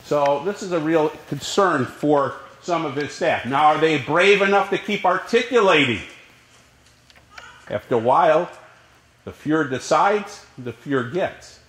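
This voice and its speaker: A man teaching a college history class, lecturing in a lively way and asking the class questions. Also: a little high, measured pace, roomy sound, low-quality recording. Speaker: history professor.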